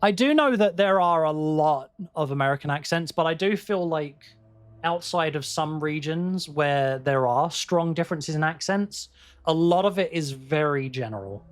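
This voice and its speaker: A man's voice: fairly high pitch, animated, normal speed. A man hosting a game livestream, chatting casually with viewers in a rambling way, with restarts and the odd swear word. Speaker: livestream host playing a game. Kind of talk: casual chat with viewers while gaming.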